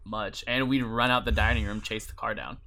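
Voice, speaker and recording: A young man co-hosting a podcast in casual chat, telling stories in a relaxed way with fillers. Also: lowish voice, brisk. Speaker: podcast co-host.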